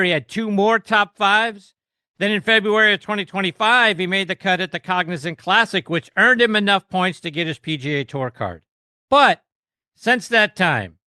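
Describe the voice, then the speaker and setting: A man's voice: high-pitched, bright, forceful tone, clean tone, no room sound, studio quality. A middle-aged man hosting a golf podcast, introducing his guest and setting up topics with upbeat, emphatic delivery. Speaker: podcast host.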